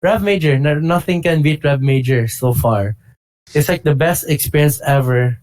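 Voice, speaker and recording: A man co-hosting a casual fighting-game chat, telling stories with excitable energy. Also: fairly high pitch, normal speed. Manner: excitable, animated storytelling with bursts of shouting. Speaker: podcast co-host.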